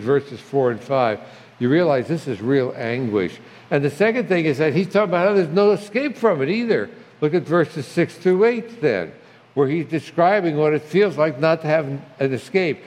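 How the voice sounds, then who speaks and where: A man's voice: a little high, darkish tone. An older man preaching a conversational sermon as a pastor, reading scripture with feeling. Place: church sanctuary. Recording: long hall reverb.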